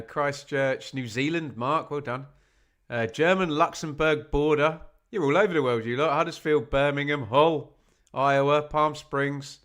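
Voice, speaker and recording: A man's voice: mid-range voice, a bit bright. A man hosting a live football watch-along, talking casually to his viewers. He chats loosely, reads out their locations one after another, and makes fun of himself along the way. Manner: chatty, reads out viewer locations, self-mocking. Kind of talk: casual live-stream chat.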